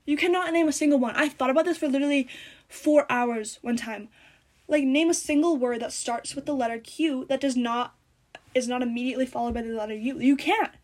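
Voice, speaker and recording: Teenage girl vlogger with a high voice, chatty and sarcastic, telling stories while chewing gum. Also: a little fast. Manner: rambling, sarcastic, animated storytelling. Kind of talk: casual chat.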